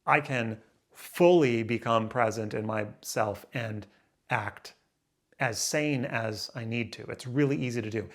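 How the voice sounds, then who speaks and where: Angry gravelly man ranting. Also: a little slow. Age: 30s. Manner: angry, swearing, stuttering restarts; swings between loud outbursts and low muttering. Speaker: vlogger. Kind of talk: raw emotional rant to camera.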